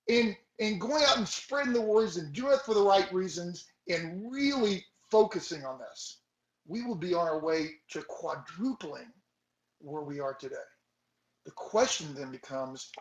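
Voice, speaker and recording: A man giving an energetic motivational talk as a sales team leader, exhorting his listeners with rhetorical questions. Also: high-pitched, echoey room, poor audio.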